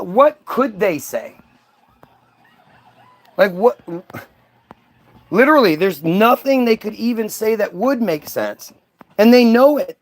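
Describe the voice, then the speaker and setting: A man hosting a livestream, mocking and confronting his commenters in a profane, combative rant. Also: high-pitched. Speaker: livestream host. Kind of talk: ranting at commenters.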